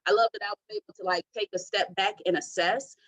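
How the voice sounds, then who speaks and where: A woman in her thirties from Detroit, a podcast guest telling her story in an expressive, testimony-style way. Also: mid-range voice, fast, low-quality recording. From Detroit, USA. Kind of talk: faith-centered interview talk.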